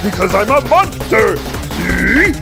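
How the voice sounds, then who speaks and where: A man voicing a boastful male monster made of mashed potatoes, with loud threatening boasts in a video game. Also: high-pitched, sing-song, slow pace, gravelly, over music, voice pushed up, full character voice. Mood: menacing.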